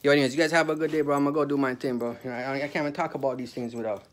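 A man in an angry, profane monologue, peppering his talk with "bro" and "yo" and swinging from muttering to shouting. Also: medium pitch, fairly even intonation, very fast. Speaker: vlogger.

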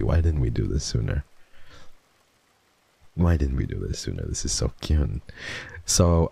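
A young man streaming casual chat, mock-emo and swearing freely, dropping to mumbles and then jumping into excited high squeals. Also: gravelly, breathy edge, no room sound.

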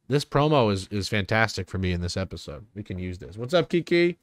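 A young man reacting to clips on a live stream, talking loudly, swearing and greeting his chat by name. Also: fairly low pitch, big pitch swings, brisk, few pauses, dry recording, clean studio sound.

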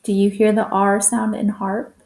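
A woman teacher giving a slow phonics lesson to young children, drawing out words and sounding out letters. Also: medium pitch, little pitch movement, darkish tone, echoey room.

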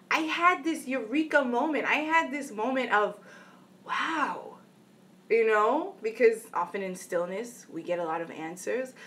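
A woman's voice: medium pitch, a bit bright. A woman vlogger giving an earnest motivational talk, telling a story and checking in with "right?" asides. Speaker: inspirational vlogger.

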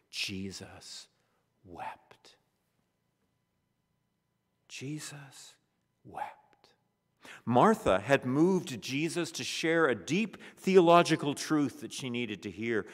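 A pastor preaches a funeral sermon in a church whose long reverb trails every phrase. His delivery is slow and measured, and his pitch rises and falls widely as he moves between emphatic lines and a hushed near-whisper. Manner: expressive preaching, drops to a hushed near-whisper on solemn words. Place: church sanctuary.

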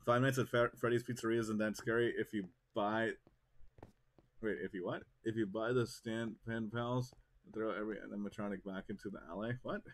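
A young man giving excitable, jokey live commentary while streaming a game. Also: fairly low pitch, brisk.

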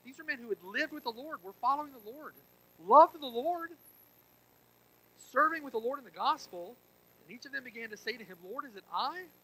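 Bright-voiced man preaching with emphasis. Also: extremely high pitch, animated, brisk, breathy edge, rough recording. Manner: emphatic preaching with rhetorical "right?" asides; swings between quiet intensity and loud emphasis. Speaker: pastor. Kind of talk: sermon.

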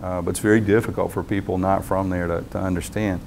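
A man, a university professor, giving a lecture in a measured, thoughtful way with frequent pauses. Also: low voice, flat delivery, creaky, darkish tone, a little hiss or hum.

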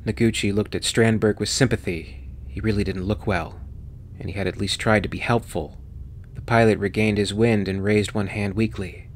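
A man narrating a sci-fi horror audiobook with steady, measured reading. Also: on the low side, slight background noise. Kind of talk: scripted narration.

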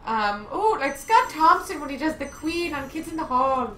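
A woman chats and jokes through a co-op gaming session, her bright, fairly high voice quick to break into laughter. The room sounds echoey, with game music playing underneath. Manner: playful, laughs often, excitable. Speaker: streamer. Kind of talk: casual co-op gameplay chat.

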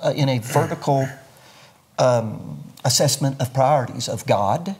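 A man's voice: medium pitch, lively intonation, measured pace, darkish tone, slightly rough. An older man, a pastor, explaining his views earnestly in a sermon-like way during an interview. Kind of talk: interview conversation.

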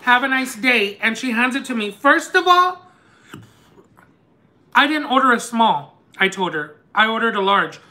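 A man hosting a live eating stream, telling a story in an animated, chatty, lightly sarcastic way. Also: very high voice, measured pace, long pauses. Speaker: mukbang host. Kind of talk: casual storytelling while eating on a livestream.

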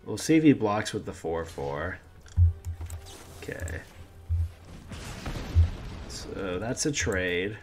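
A man's voice: low voice, sing-song, slow pace, pauses often, faint music behind. A man giving casual commentary while playing a card game, chatty and talking to the game with lots of "dude". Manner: chatty, pleads with the game, says dude a lot. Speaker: gameplay streamer.

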